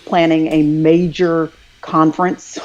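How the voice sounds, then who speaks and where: Low-voiced woman telling a story earnestly. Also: level tone, a little slow, darkish tone, dull audio. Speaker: guest. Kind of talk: casual conversation over a live video stream.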